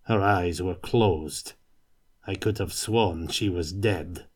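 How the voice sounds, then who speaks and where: A man's voice: low voice, slow, slightly rough, full character voice. A man voicing a sickly, fearful little soldier who speaks grimly and plainly.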